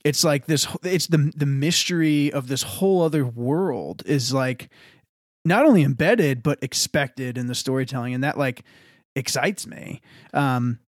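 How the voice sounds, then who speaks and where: A young adult man, a pastor, chatting casually on a podcast in an animated, rambling way and laughing often. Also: medium pitch, measured pace, no echo, clean studio sound.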